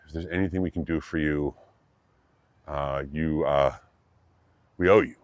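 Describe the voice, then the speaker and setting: Guy playing the ant king, chill and thankful, very deep voice. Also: fairly even intonation, unhurried, no room sound. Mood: grateful. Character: grateful male king of the ants.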